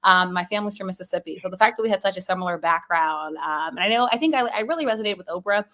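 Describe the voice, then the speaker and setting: A woman from Maryland, a sports journalist, chatting as an interview guest in a lively, talkative way with frequent laughs. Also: on the low side. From Maryland, USA. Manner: lively and talkative, quick laughs, fillers like "you know". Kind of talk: casual interview chat.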